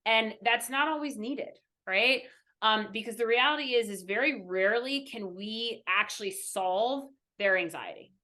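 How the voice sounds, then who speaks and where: Bright, earnest woman coach. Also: fairly high pitch, unhurried. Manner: earnest, frequent "right?" tags, teacherly. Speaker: mindfulness and performance coach. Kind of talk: podcast interview, explaining.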